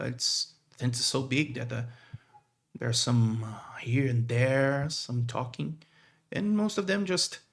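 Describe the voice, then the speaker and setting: A man narrating a tabletop game as game master, halting with many fillers. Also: medium pitch.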